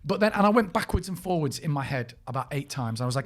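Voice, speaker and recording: Man, podcast co-host, quick storyteller with a laugh. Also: on the high side, animated. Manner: storytelling, laughs often, mimics people he quotes. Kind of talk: casual chat.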